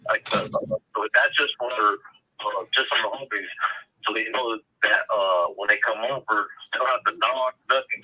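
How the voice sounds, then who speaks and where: A man calling in by phone to a casual chat, laid-back and halting as he repeats his words. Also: fairly low pitch, pushed and bright, slightly rough, low-quality recording. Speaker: caller. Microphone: phone call.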